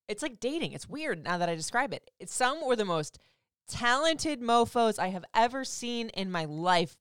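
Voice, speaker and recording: A woman's voice: medium pitch, big pitch swings, moderate pace, smooth, dry recording, clean studio sound. Candid, chatty woman radio host. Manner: candid and chatty, swinging from loud emphasis to soft asides. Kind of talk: casual monologue.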